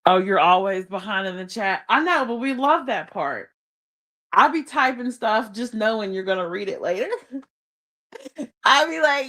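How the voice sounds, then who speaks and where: Tucked under blankets in bed, a woman streams live from her phone in a medium-pitched, fairly bright, animated voice, a little slow and pausing often. She chats casually in slang, reads her chat out loud and laughs frequently.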